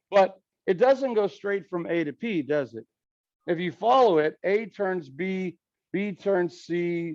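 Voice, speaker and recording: A man's voice: on the high side, a little mellow, dry recording. A male math teacher lecturing a class, walking through each step and often checking in with "okay?" and "right?". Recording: dull lo-fi, dry sound.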